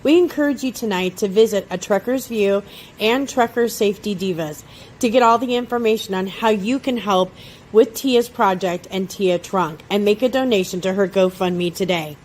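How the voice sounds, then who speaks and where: A woman's voice: medium pitch, normal speed, slight background noise. Woman reading a charity promo. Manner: steady, read-out delivery. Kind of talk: scripted promotional narration.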